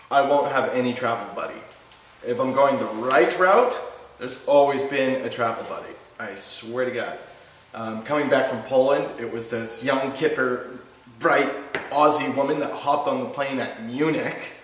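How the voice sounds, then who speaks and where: Animated Canadian man spinning yarns. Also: mid-range voice. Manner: animated storyteller, keeps tagging lines with "right?". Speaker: guest. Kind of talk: casual anecdote telling. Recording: echoey room, distant mic, faint noise.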